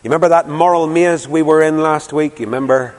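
A man's voice: on the high side, brisk, big-room sound. A man preaching a fervent sermon as a pastor in a church, pleading with his listeners. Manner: fervent, rising to impassioned pleading.

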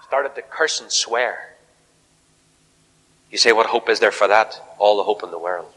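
A man preaching a fiery revival sermon in a large church hall, swinging from shouted appeals to hushed near-whispers. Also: lowish voice, a little slow, pauses often, husky.

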